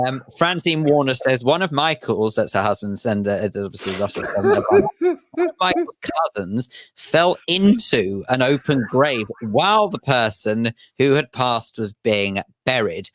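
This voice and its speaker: A man's voice: mid-range voice, sing-song, unhurried, fairly bright tone, dry recording. A male radio co-host reads listener messages aloud and adds wry comments. His voice moves up and down freely. The sound is dry and close, from a studio mic. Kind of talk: radio chat. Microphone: studio microphone.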